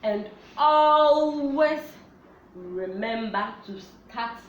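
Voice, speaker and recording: A woman teaching young children a phonics lesson, in a slow, sing-song, animated way. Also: on the high side, lo-fi sound. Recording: echoey room with faint background noise.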